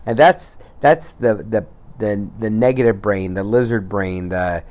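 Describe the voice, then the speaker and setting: Blunt tough-love man, lowish voice. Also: a little slow, darkish tone. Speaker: podcast host. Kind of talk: motivational weight-loss podcast talk.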